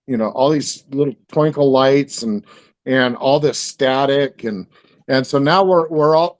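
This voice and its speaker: A man's voice: mid-range voice, no room sound. A man telling a story in casual conversation, rambling, with many fillers and restarts. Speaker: guest.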